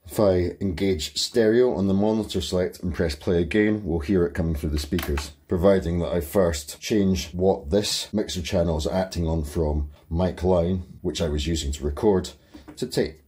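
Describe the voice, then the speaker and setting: Deep-voiced man explaining gear. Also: fairly even intonation, normal speed, dark tone, slight background noise. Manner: methodical, explains each control step by step. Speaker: tutorial host. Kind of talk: step-by-step equipment tutorial. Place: home studio with speakers.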